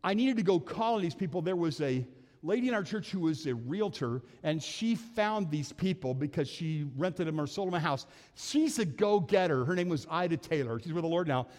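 A man's voice: fairly high pitch, animated, normal speed, darkish tone. An older man preaching a sermon as pastor, telling earnest, folksy stories from his own life. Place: church sanctuary. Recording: long church hall reverb.

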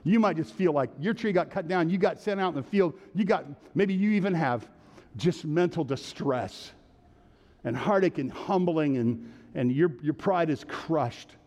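A male pastor preaching a sermon, animated, calling out to the congregation and urging it to answer back. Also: a little high, unhurried, big-room sound.

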